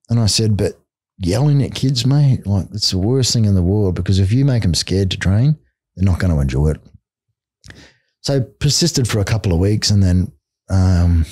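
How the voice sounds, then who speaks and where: Blunt, mellow-voiced Australian man. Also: lowish voice, no room sound, clean studio sound. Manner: blunt, swears freely, peppers speech with "mate" and "like". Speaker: podcast guest, martial arts coach. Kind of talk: casual storytelling chat.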